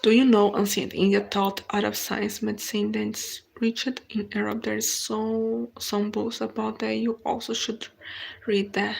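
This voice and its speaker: A woman with a Brazilian Portuguese accent hosts a relaxed live chat. Her voice is gravelly with vocal fry. She speaks unhurried, non-native English, restarting phrases as she answers viewer comments. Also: medium pitch. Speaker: live stream host.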